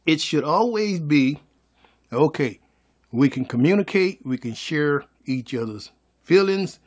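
A man's voice: fairly high pitch, animated, a little slow, darkish tone, husky. A man giving a folksy, preachy motivational monologue as a vlogger.

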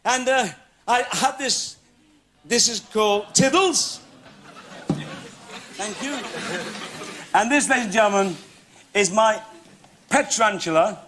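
A man's voice: sits high, slow pace, pauses often. A male comedian hosting a stage show, telling cheeky stories and laughing along with the audience. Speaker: comedian host. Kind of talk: stand-up audience Q&A. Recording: loud crowd laughter, noisy TV studio.

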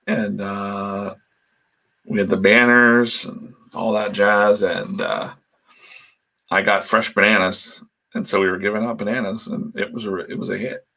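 Casting: man, low gravelly husky voice, rambling anecdotal storyteller on a live stream. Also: bright, forceful tone. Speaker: comic artist streaming live. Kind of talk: casual storytelling while drawing.

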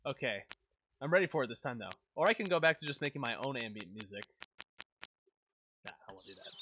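A man's voice: on the high side, noisy background. Young man rambling over a game. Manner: rambling, easily startled, talks to himself. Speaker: let's play gamer. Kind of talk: casual gameplay commentary.

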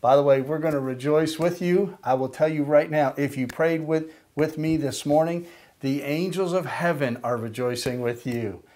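An older man preaching a sermon, slow and deliberate, with emphatic pauses and a led prayer. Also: a little high, a little mellow. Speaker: pastor.

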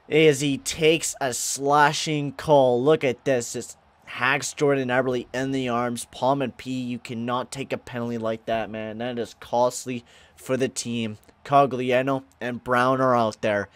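Guy doing hockey game commentary, gets super hyped then mumbles, mid pitch, dry close mic. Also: unhurried, no room sound. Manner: excitable, swings from mumbling to shouting. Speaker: gaming YouTuber. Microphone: close headset or desk mic with pop filter.

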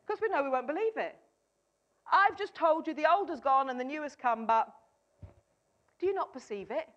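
A woman preaching an energetic sermon at a church gathering, firing questions at the congregation and urging them to answer. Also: sits high, normal speed. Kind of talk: lively interactive sermon. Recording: dull lo-fi sound.

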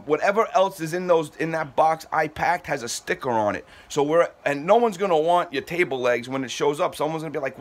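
Moving company owner, male, fed up and defensive on a phone call, stammering restarts, slightly high voice. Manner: exasperated, defensive, repeats himself and stammers.

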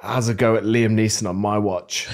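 A man's voice: lowish voice, fairly even intonation, normal speed. A man guesting on a podcast in casual chat, jokey and self-deprecating.

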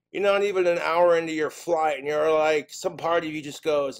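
A man performing a stand-up comedy routine, telling exasperated, profane stories and slipping in quick put-on voices. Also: a little high, fairly even intonation, clear, resonant tone.

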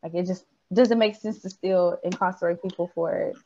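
A woman's voice: fairly low pitch, steady tone, moderate pace, a little mellow. A woman, co-hosting a casual chat with emphatic, giggly remarks. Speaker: podcast co-host. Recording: dull lo-fi sound.

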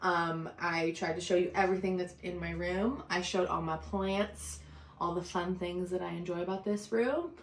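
A woman's voice: on the low side, steady tone, moderate pace, slight background noise. A woman in her thirties giving a casual, chatty tour of her room, swearing freely and saying um a lot. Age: 30s. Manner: chatty and offhand, swearing, many ums.

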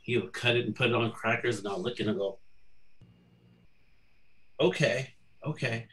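Man, at home, video call, fond reminiscing, bright tone. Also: fairly low pitch, fairly even intonation, rough recording. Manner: warm, amused, quick asides. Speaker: panel guest, family member.

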